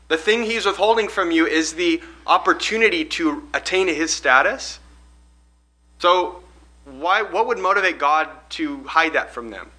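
A man leads a group Bible study in a very bright, slightly high voice. He reads passages aloud, asks the group questions and explains them, often restarting his sentences. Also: rough recording.

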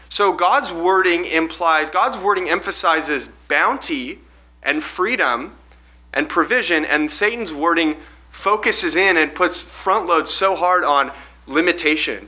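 A man's voice: a little high, lively intonation, unhurried, bright, forceful tone, husky, poor audio. A man leading a group Bible study, reading verses aloud and asking the group questions, often restarting his phrases as he explains.

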